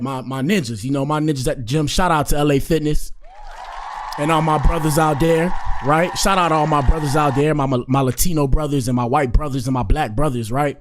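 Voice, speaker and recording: A man's voice: mid-range voice, slight background noise. A man hosting a live stream, chatting in a rambling, slangy way with many fillers. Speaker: streamer host. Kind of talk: casual live-stream commentary.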